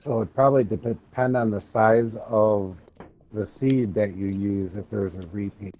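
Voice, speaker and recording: Slow-talking man asking questions. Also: a little mellow. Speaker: fellow player. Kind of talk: casual chat while playing. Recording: noisy with engine rumble.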